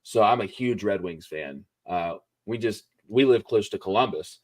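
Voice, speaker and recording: A man hosting a casual live-stream chat, talking in an upbeat, rambling way with many pauses and fillers. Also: fairly low pitch, animated. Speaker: host.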